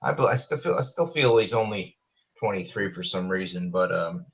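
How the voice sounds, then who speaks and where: A man's voice: low-pitched, expressive, normal speed, a bit bright. A man hosting a casual live video chat from home, rambling and often breaking off to scold his pets. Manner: rambling, scolding his cats mid-talk. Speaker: host. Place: home room. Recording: roomy lo-fi webcam audio.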